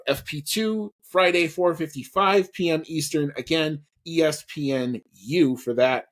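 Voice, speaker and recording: A man co-hosting a podcast in casual chat, rambling with lots of fillers and restarts. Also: on the high side. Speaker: podcast co-host.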